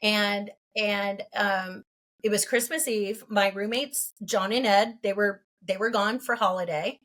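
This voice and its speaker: A woman in her fifties from California, a podcast guest telling a personal story in an earnest, halting way and laughing between thoughts. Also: mid-range voice, fairly even intonation, fairly bright tone. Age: 50s.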